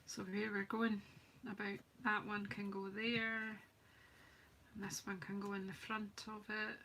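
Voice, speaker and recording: Bright chatty woman crafter. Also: medium pitch, level tone, unhurried, a little hiss or hum. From United Kingdom. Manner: chatty and self-mocking, greets viewers from the comments. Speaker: craft demonstrator hosting a live stream. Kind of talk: live crafting demonstration, casual chat.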